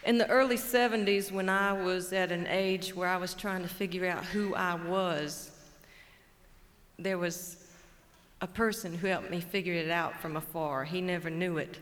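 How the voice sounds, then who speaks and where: A Cajun woman from Louisiana, storytelling and emceeing live on stage in a lively, folksy way, with a Cajun accent. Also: lowish voice, moderate pace, a little hiss or hum. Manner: lively, folksy, warmly engaging the audience. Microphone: stage microphone. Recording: long hall reverb from a live stage.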